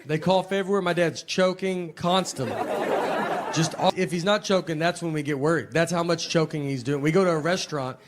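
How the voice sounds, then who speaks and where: A man from Tennessee with a Southern accent, doing stand-up with a low-key, deadpan, rambling delivery. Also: brisk. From Nashville, Tennessee. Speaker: stand-up comedian. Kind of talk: stand-up storytelling. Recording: noisy live stand-up recording.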